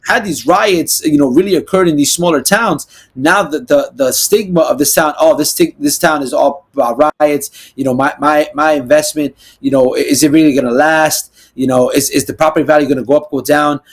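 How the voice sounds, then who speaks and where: Animated young New man, slightly high. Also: slightly rough. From New Jersey, US. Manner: animated, talks in quick bursts with many "you know" and "right?" asides. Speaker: podcast guest, real estate agent. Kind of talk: casual interview storytelling.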